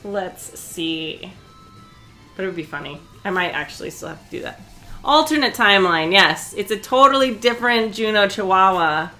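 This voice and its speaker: A woman's voice: medium pitch, expressive, moderate pace, pushed and bright, faint music behind. A woman chatting casually on a live stream while she sews, talkative and often breaking into laughter.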